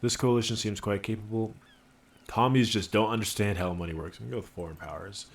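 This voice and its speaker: A man's voice: lowish voice, fairly even intonation, fast talker. A man streaming a game live, joking around and reading the dialogue aloud in his own voice.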